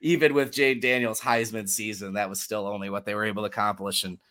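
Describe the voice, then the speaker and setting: A man's voice: lowish voice, fairly even intonation, fast talker, sharp tone. A man hosting a casual sports podcast, chatty and joking, laughing often as he talks. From Michigan. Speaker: podcast host.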